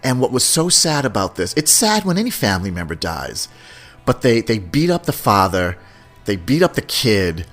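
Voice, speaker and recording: A man hosting a podcast, talking in a casual, rambling way with a lively, swinging pitch. He laughs often and keeps things loose and animated. Faint music plays behind him. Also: moderate pace. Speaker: podcast host.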